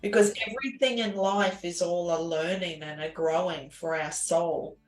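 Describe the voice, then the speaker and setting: A woman telling her personal story as an interview guest, earnest and halting, with many restarts and fillers. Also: on the low side, fairly even intonation. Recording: echoey room with faint music.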